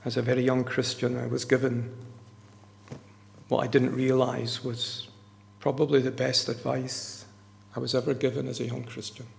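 Male preacher, gravelly, emphatic sermon delivery, recorded with long hall reverb. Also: mid-range voice, flat delivery, normal speed, long pauses, a little hiss or hum. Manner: earnest, emphatic, repeats key words.

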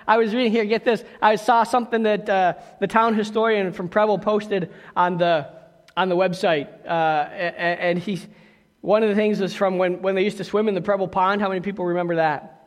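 A man's voice: sits high, fairly bright tone, long reverb tail. A man preaching a sermon as pastor, talking conversationally with asides and questions to the congregation.

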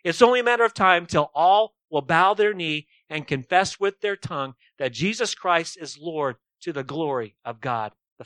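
A man's voice: high-pitched, a bit bright, no echo. A man preaching a sermon emphatically, often posing rhetorical questions to his listeners.

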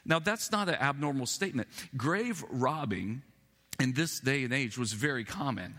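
A man's voice: mid-range voice, expressive, moderate pace, fairly bright tone, long reverb tail. A man preaching an Easter sermon in a church, talking conversationally and musing aloud with self-deprecating asides. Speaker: pastor.

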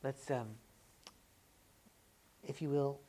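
Low-voiced woman preaching a lively sermon. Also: drawn-out words, slight background noise. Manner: swings from loud excited rhetorical questions to quiet earnest talk. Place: church.

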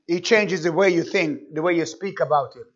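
A man's voice: on the high side, moderate pace. A man preaching a fervent sermon, repeating himself and firing rhetorical questions at his listeners. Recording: dull lo-fi recording.

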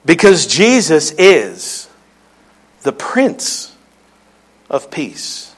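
Pastor guy, higher voice, chatty joking sermon. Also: big pitch swings, very slow, breathy edge, low-quality recording. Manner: joking, conversational storytelling.

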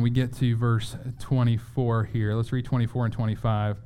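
A man preaching a sermon in an earnest, conversational way, often restarting his words and slowing down to read scripture aloud. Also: mid-range voice, steady tone, mellow, smooth. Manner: reads scripture aloud slowly. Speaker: pastor.

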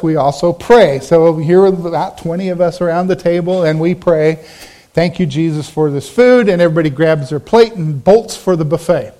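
A middle-aged male pastor preaching a sermon, telling a personal story and acting out the people in it. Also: high voice. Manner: animated storytelling, acting out quoted voices.

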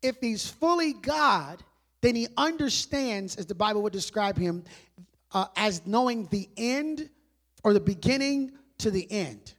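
A man preaching a sermon in a conversational style, asking rhetorical questions and dropping to quiet emphasis on key words. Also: high-pitched, animated, measured pace. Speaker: pastor.

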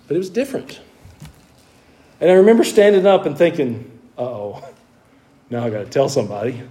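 Folksy preacher man, dark mellow voice. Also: fairly high pitch. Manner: storytelling testimony, folksy, repeats words when earnest. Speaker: pastor. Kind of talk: sermon.

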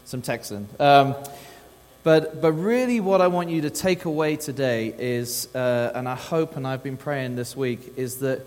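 A man's voice: medium pitch, unhurried, darkish tone. An Englishman with an English accent preaches to a congregation, chatty and upbeat, full of small restarts. His voice sits in a middling register and carries a long reverb from the church hall. A faint mains hum runs beneath it. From England. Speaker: guest pastor. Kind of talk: sermon with prayer. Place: church sanctuary.

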